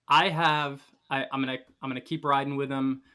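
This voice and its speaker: A man's voice: mid-range voice, sharp tone. A man co-hosting a casual sports podcast, teasing and ribbing the other hosts. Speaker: podcast co-host.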